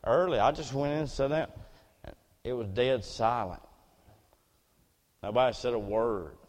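A man preaching a sermon as personal testimony, earnest storytelling that drops to near hushes and rises again. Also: mid-range voice, measured pace, big-room sound.

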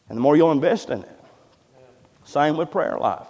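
A man preaching a sermon in a church, fervent and emphatic, swinging between loud cries and quiet asides, repeating words as he builds. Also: on the high side, animated, normal speed. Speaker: pastor. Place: church sanctuary. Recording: echoey church hall sound.

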